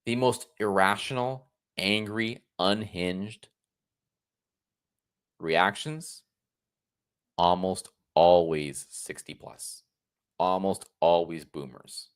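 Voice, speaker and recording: A man's voice: low voice, slow pace, long pauses, clear, resonant tone. A man in his thirties from the United States, giving sarcastic political commentary on a solo livestream, often restarting his sentences. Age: 30s.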